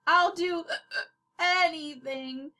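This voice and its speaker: A woman's voice: very high voice, extremely slow, sharp tone, pitched above the performer's own voice, full character voice. A woman voicing an anxious grown man plagued by hiccups, gasping and whimpering as she reads a storybook aloud. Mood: upset whimpering. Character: anxious townsman with hiccups, male adult.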